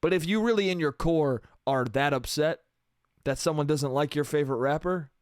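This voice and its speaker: Guy ranting solo on his comedy podcast, kinda high voice, swears a lot, super dry sound. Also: normal speed, clear, resonant tone, dry recording. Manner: rambling, profane, self-amused, restarts often. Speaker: podcast host.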